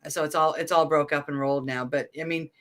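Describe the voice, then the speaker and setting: A woman chatting casually over a video call, relaxed and blunt, swearing now and then. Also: deep voice, quick pace. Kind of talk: casual chat.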